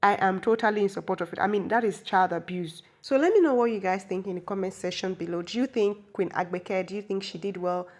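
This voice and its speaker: A woman's voice: medium pitch, fairly quick, few pauses, a little mellow. A woman, chatty and opinionated, recapping a movie and explaining local words. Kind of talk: casual movie recap commentary.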